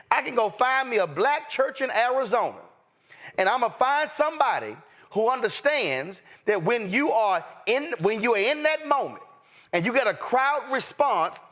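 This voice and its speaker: Male commentary host, animated, higher voice, preacher-like rhythm. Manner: emphatic, preacher-like cadence. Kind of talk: live political commentary.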